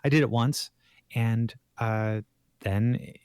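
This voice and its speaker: A man's voice: medium pitch, takes it slowly, a little mellow, clear, resonant tone, dry recording, clean studio sound. A man in his forties, co-hosting a podcast in casual chat, telling a story in a rambling way with many restarts. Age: 40s. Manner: rambling, full of restarts and fillers. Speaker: podcast co-host.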